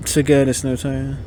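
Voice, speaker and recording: A man's voice: medium pitch, slight background noise. A man hosting a podcast, chatting casually in a movie commentary, joking and laughing often. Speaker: podcast host.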